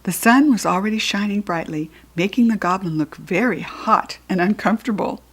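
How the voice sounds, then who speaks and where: A woman with an American accent reading a children's storybook aloud in a lively, expressive way. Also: medium pitch, normal speed, breathy edge. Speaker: children's book reader.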